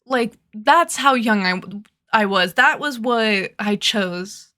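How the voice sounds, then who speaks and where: Bright, chatty young woman rambling. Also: fairly high pitch, expressive, takes it slowly. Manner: rambling, laughing, heavy use of "like". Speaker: vlogger. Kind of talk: casual storytelling.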